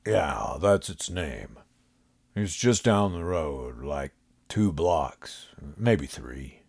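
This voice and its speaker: A man's voice: a bass voice, animated, very slow, vocal fry, a little mellow, dry recording, exaggerated voice. A man putting on a drawling, weary homeless man.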